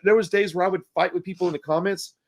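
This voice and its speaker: A man's voice: sits high, steady tone, fast talker. A man hosting a casual interview, chatty and self-deprecating, calling people "dude" and "man.". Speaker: interview host, YouTuber.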